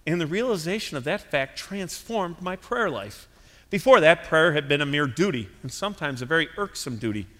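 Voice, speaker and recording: A man preaching a sermon as pastor, earnest and emphatic, swinging between loud declarations and quiet tender lines. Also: a little high, animated, normal speed. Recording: long hall reverb.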